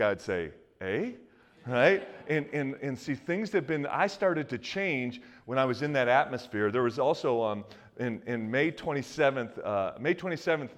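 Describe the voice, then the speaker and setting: A man in his fifties from the US Northeast, preaching a sermon in a loose, joking, conversational way with many restarts and asides. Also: medium pitch. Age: 50s. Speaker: pastor.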